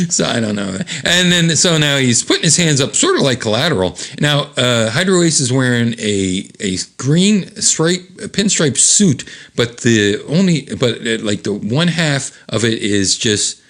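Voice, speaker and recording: A man's voice: medium pitch, a bit bright. A man hosting a casual read-aloud, describing comic panels in a rambling, chuckling way with many fillers. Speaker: host reading comics aloud.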